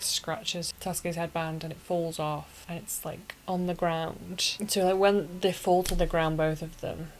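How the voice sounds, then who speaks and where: A low-pitched woman recapping a show in a casual, gushing way, dramatic about the sad parts. Her voice sits deep for a woman. A faint hiss of noise runs under it. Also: rough recording. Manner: gushing, emotional fan with dramatic asides. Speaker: anime reviewer. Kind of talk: casual retelling.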